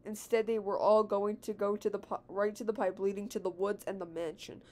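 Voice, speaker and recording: A woman's voice: mid-range voice, little pitch movement, a little fast, darkish tone. A teenage girl reading her own fan story aloud, giggling and commenting on her own reading. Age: teens.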